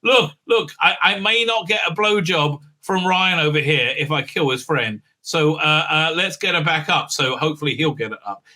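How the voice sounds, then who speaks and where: A man's voice: fairly high pitch, moderate pace, few pauses, pushed and bright. A man mocking a pompous, whiny king. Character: pompous, fretful old-fashioned king.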